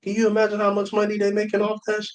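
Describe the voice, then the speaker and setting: Young male co-host, a bit high-pitched, blunt and profane in casual chat. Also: completely flat delivery, very fast, rough recording. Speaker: podcast co-host.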